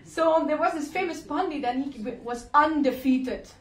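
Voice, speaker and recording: A woman's voice: high voice, normal speed. Chatty woman telling a devotional story. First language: Dutch. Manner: chatty, laughing often, casual fillers. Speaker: class speaker. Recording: roomy, distant lecture mic.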